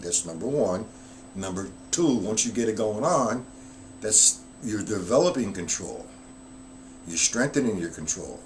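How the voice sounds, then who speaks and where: A man's voice: fairly low pitch, lively intonation, a little slow, long pauses, slight background noise. Man counting beats while teaching drums. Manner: explains step by step, counting beats aloud; answers viewers' chat comments directly. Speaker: drum teacher. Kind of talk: live-stream drum lesson.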